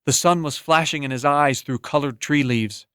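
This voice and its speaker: A man narrating an audiobook in a steady, even storytelling manner, close to the mic. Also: fairly high pitch, normal speed, clear, resonant tone, no echo. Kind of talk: scripted narration.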